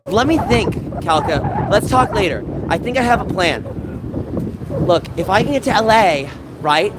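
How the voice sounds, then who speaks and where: A man's voice: high voice, animated, measured pace, heavy background noise. A man livestreaming, chatting casually with his viewers and venting in a rambling, aggrieved way. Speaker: gaming livestreamer. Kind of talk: casual livestream chat reading live chat. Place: San Francisco.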